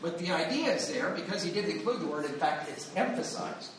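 High-voiced preacher in an echoey hall. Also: male voice, expressive, brisk, slight background noise. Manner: earnest teaching, quoting scripture, emphatic repetition. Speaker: pastor. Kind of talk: sermon. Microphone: wired handheld or lapel mic. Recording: echoey room with faint ambience.

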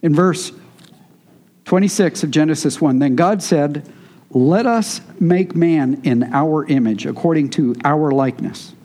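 High-ish mellow guy preaching, chatty teaching sermon. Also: measured pace. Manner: teaching, conversational with congregation. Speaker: pastor.

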